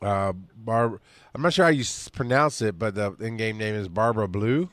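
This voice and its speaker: A man's voice: fairly low pitch, normal speed, fairly bright tone, no echo. A man co-hosting a podcast in casual chat, joking and teasing, now and then slipping into put-on voices. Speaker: podcast co-host.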